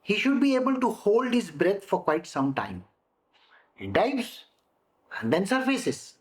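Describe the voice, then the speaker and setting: A woman explaining a scripture in a deliberate way, repeating her phrases and acting out examples. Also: mid-range voice, very animated. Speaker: spiritual teacher.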